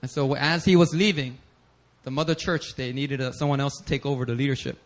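A man preaching a sermon as pastor, telling stories animatedly with bursts of shouting and laughter. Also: medium pitch, fairly even intonation, brisk.

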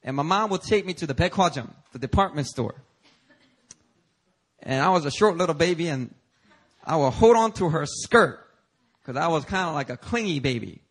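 Animated man preaching a sermon. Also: a little high, a little fast, long pauses, breathy edge. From Korea. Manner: lively preaching that swings between loud emphasis and quiet asides; conversational and playful, telling personal stories with laughs. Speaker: pastor.

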